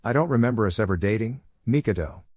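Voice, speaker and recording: A man voicing a tired young male ninja who answers quietly and evasively. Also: fairly low pitch, lively intonation, fast talker, husky, no room sound. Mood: weary.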